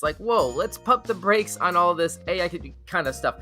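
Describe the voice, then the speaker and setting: A man hosting a live weird news reaction show, excitable and laughing, with stumbling restarts. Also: sits high, fairly quick, few pauses, faint music behind. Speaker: show host.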